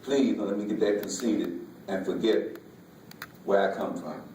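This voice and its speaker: A man, a folk artist, giving an emotional personal talk in a halting way, often repeating words, with Southern vernacular. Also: lowish voice, mellow, a little hiss or hum. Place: museum lecture hall. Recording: echoey hall, voice from far off.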